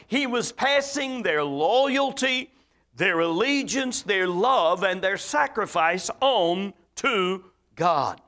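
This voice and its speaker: A preacher from the American South, with a Southern accent, giving a folksy, emphatic sermon full of stories and quotes. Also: male voice, sits high, fairly bright tone.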